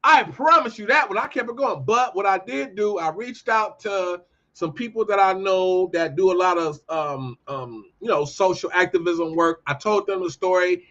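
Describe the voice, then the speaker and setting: A man hosting his own show, giving a heated, profane commentary monologue and telling animated stories. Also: high-pitched, moderate pace, highs cut off. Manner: profane, ranting, animated storytelling. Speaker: podcast host.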